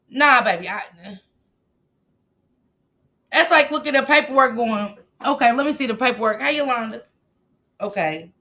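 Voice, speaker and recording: A woman hosts a casual livestream, reading viewer comments aloud and reacting with blunt, emphatic remarks. Her slightly high voice has a sharp, bright edge. She laughs often and swears freely.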